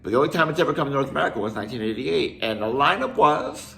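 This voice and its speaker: Gravelly older man telling a rambling story. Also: mid-range voice, expressive, racing, pushed and bright, a little hiss or hum. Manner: rambling, with restarts and asides. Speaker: musician telling a tour story. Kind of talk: casual storytelling.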